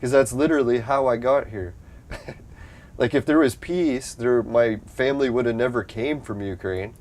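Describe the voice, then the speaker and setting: A man's voice: medium pitch, moderate pace, a little mellow. A young adult man from Canada, chatting casually and profanely on a live stream, rambling and laughing often.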